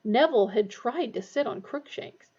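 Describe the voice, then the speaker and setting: A woman reading a novel aloud, giving the characters lively voices. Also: moderate pace, husky. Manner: lively character voices, raised pitch for dialogue. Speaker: audiobook reader. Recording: dull lo-fi recording.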